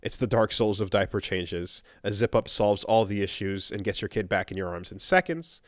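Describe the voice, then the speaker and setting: A man's voice: on the low side, normal speed, dry recording, studio quality. A man co-hosting a podcast, reading listener emails aloud and chatting casually. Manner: relaxed, reads letters aloud. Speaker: podcast co-host.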